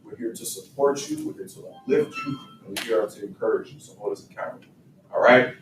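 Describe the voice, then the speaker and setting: A man's voice: on the low side, wildly swooping pitch, fairly quick, faint music behind. Emphatic man leading a youth group, echoey room. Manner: call-and-response, emphatic and preaching. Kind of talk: motivational talk to young men. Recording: distant mic in echoey room with faint noise.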